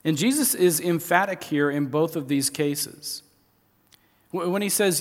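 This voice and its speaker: A man's voice: fairly high pitch, a little slow, darkish tone. A middle-aged man preaching a sermon as pastor, conversational, often restarting his phrases. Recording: long reverb of a large hall.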